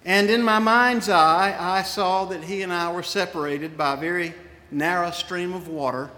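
In a church sanctuary, a middle-aged male pastor delivers a sermon full of personal stories, told in a folksy way with asides to his congregation. His voice sits high with a steady, bright, forceful tone at a moderate pace. The large church gives the recording a long reverb.

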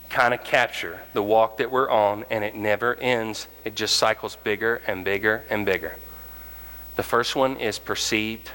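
A man preaching a sermon as pastor, animated and acting out the voices of the people in his stories. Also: fairly low pitch, big-room sound, low-quality recording. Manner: animated, acts out quoted voices.

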